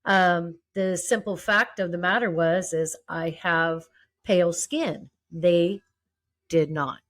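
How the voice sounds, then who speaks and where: A woman in casual chat, telling a story hesitantly with many pauses and fillers. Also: fairly low pitch, fairly even intonation, a bit bright. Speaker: podcast guest.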